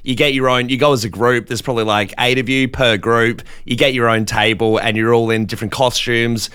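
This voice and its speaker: A man's voice: mid-range voice, brisk, clean tone. A man co-hosting a radio show, telling a story with lots of laughter. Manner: animated storytelling with frequent laughs. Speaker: radio co-host. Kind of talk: casual on-air banter.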